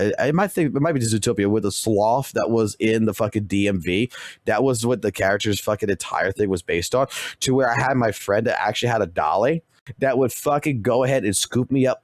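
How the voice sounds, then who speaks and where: A man's voice: on the low side, no room sound, clean studio sound. A male streamer casually rambling through a story with constant swearing and restarts.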